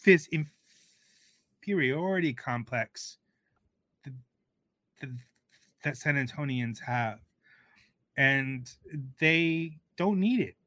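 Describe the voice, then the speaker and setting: A man from Texas speaking as a guest food writer on a radio panel, measured and halting, with frequent restarts. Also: mid-range voice, animated, a bit bright, dry recording.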